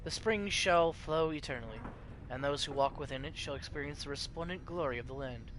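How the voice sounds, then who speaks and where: A male streamer reading game text aloud in a stately, measured narrating manner, over game music. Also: a little high, fairly bright tone, a little hiss or hum, rough recording.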